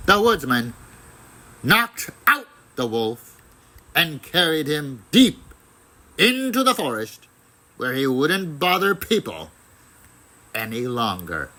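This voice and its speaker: A man giving a deliberate, expressive dramatic reading of a children's fairy tale. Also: on the high side, rough recording. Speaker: storyteller.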